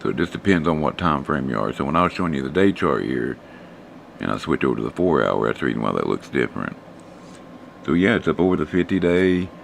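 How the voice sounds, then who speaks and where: A man, hoarse and losing his voice, casually talking through stock charts for a live stream audience. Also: rumbling low, fast, slight background noise. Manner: relaxed, rambling, talks to chat viewers.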